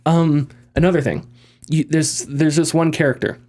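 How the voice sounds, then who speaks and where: A man with a slightly high voice talks through a story in casual podcast chat. He rambles, restarts his phrases and keeps the energy up. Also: moderate pace. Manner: animated, rambling, frequent restarts and laughs. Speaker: podcast host.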